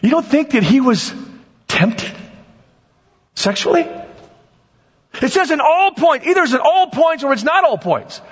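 A man preaching an animated sermon as pastor, swinging between loud bursts and quiet asides. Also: very high-pitched, measured pace, long pauses. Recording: dull lo-fi sound with long hall reverb.

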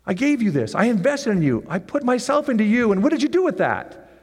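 A man's voice: sing-song, fairly quick, breathy edge, in a large hall, full character voice. A man voicing a stern male master who scolds his lazy servant. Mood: scolding. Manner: scolding, raised pitch.

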